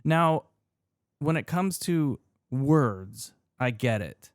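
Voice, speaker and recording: A man's voice: medium pitch, expressive, drawn-out words, no echo, studio quality. Easygoing man co-hosting a chatty podcast. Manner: easygoing, laughs often, teasing. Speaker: podcast co-host. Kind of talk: casual podcast chat.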